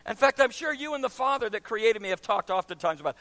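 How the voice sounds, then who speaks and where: A man preaching a sermon as pastor, swinging from quiet, low asides to loud, shouted emphasis. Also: expressive, fast, hardly any pauses.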